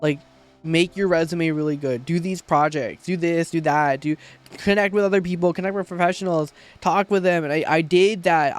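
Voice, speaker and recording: A man's voice: a little high, dry recording. A young man streamer in casual livestream chat, rambling and heartfelt, with frequent swearing.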